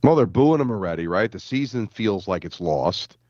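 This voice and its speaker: Low-voiced sports radio man. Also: expressive, moderate pace, a little mellow, no echo, dull audio. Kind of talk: casual sports talk.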